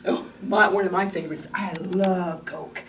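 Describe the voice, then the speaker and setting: A woman's voice: fairly low pitch, steady tone, moderate pace, distant mic, a little hiss or hum. A woman giving a chatty, joking diet talk as a wellness coach, standing by a board in a room. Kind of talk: casual diet talk to camera. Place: room with a whiteboard.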